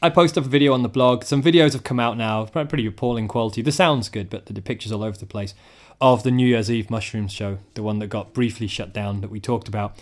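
A man's voice: on the low side, fast, hardly any pauses. A man hosting a podcast, chatting and joking about gigs and steering between topics. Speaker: podcast host. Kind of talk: casual chat about live music.

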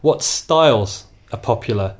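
A man's voice: mid-range voice, lively intonation, a little slow. A man hosting a podcast, chatting casually about local gigs in a rambling, self-deprecating way. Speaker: podcast host.

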